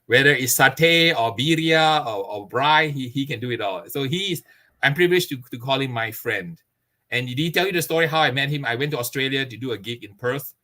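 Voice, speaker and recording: A barbecue pitmaster, appearing as a guest in a casual interview, talks expansively and earnestly in a bright, forceful, middle-pitched voice. Expressive and brisk, he breaks into laughter now and then.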